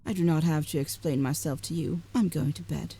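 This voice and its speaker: Woman playing bitter older mother, cold, curt, dark husky voice. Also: low-pitched, steady tone, brisk. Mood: resentful. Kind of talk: game dialogue reading.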